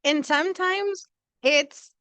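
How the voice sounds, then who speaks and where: A woman's voice: sits high, takes it slowly, sharp tone, no echo. A woman co-hosting a podcast, telling a personal story in casual chat and acting out quoted lines. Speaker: co-host.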